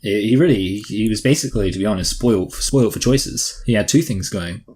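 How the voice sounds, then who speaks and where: Man co-hosting a movie podcast: low, husky voice, dry joking banter. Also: a little fast, darkish tone. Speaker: podcast co-host reviewing films. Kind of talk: casual chat.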